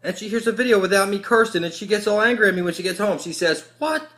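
A man's voice: high-pitched, fast, fairly bright tone. A man hosting his own channel, delivering an aggressive, profane, preachy rant straight to camera. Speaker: channel host. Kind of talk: ranting monologue to camera.

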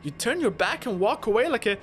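A man's voice: high-pitched, animated, fairly quick. A man voicing a brash, self-doubting warrior in a comedic game role-play, talking to himself and trading cocky taunts with his foes. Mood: self-scolding. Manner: talks to himself, lurches between despair and cocky trash talk. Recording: loud game music behind the voice.

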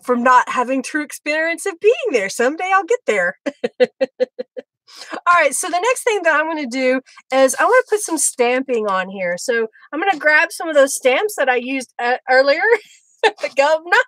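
A chatty middle-aged woman hosts a live craft demo, laughing often between remarks. Her voice sits high and bright. The sound is close and dry. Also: very animated, normal speed, no echo, rough recording. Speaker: craft livestream host.

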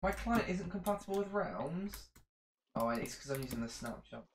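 A man talking in casual banter from across the room, with dry, low-key teasing. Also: expressive, moderate pace. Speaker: streamer's partner, off-mic guest. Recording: roomy echo, faint hiss, off-mic.

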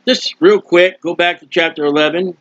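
A man's voice: sits high, fairly even intonation, normal speed, a bit bright, no room sound. A male preacher giving an impassioned sermon and acting out prayers, in a dull lo-fi recording. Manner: impassioned, acts out prayers and quotes.

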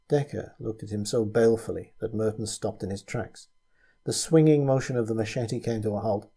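A man reading a story aloud as narrator, in a measured storytelling manner. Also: fairly low pitch, dark tone, husky. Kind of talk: scripted narration.

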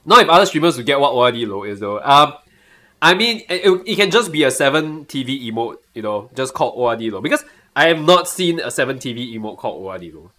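A young man speaking Singaporean-accented English banters eagerly on a live stream, quick-paced and mid-range in voice, with plenty of laughter.

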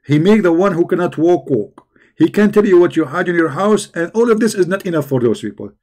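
A man hosting a call-in debate show, talking in a sarcastic, teasing way with many halting fillers. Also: sits high, lively intonation, darkish tone. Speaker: host.

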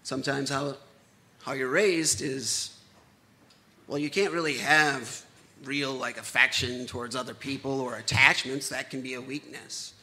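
A man's voice: mid-range voice, steady tone, unhurried, bright, forceful tone. A man in his thirties telling a true personal story live on stage, candid and conversational with self-deprecating humor.

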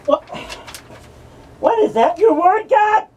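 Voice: extremely high pitch, animated, takes it slowly, a little mellow, recorded from a distance, lo-fi sound, full character voice. A performer voicing a mocking male madman from hell who hosts a horror rant, taunting and cursing at the listeners. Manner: ranting, taunting, cackling, profane.

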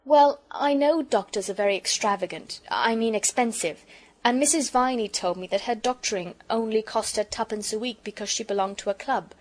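A woman's voice: fairly high pitch, moderate pace, lightly acted. A woman voicing an earnest, polite young girl in a children's storybook, eager and a little shy.

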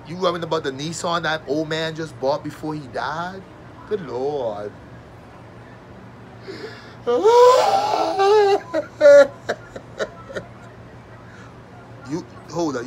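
High, lively-voiced man ranting sarcastically. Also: background noise. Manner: mocking, sarcastic, swears constantly; breaks into loud fake wailing and laughter. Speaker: comedian. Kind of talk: profane comedic rant.

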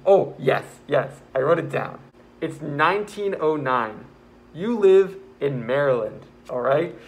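Excitable man rambling through a vlog. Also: fairly high pitch, a little slow, vocal fry. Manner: excitable, rambling, self-mocking asides; building a card house while talking. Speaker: vlogger. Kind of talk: casual vlog storytelling.

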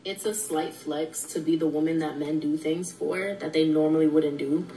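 A woman's voice: deep voice, fairly even intonation, moderate pace, dark tone, echoey room, distant mic, rough recording. A young woman chatting casually on a podcast, laughing and bragging playfully.

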